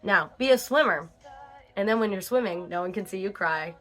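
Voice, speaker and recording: A woman's voice: mid-range voice, normal speed, fairly bright tone, soft background music. A woman hosting a casual album review, chatty and breaking into lyric snippets between her comments.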